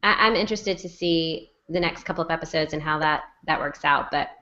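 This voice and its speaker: A woman chats as a podcast co-host, gushing and effusive, her voice bright and forward. The sound comes over a dull, lo-fi video call. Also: low voice, a little fast. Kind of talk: casual chat.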